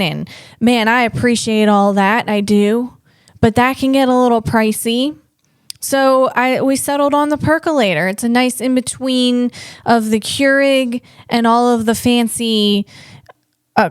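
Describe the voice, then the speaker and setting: A woman podcast host and comedian with a fairly high, clean-toned voice chats on her own, rambling, poking fun at herself and chuckling at her own jokes. The dry recording has studio quality.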